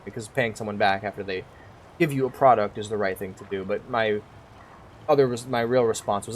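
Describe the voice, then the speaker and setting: A man's voice: medium pitch, fast, a little hiss or hum. A stoned man streaming a game, rambling candidly about his life and swearing freely into a desk mic. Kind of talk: casual rambling monologue over gameplay.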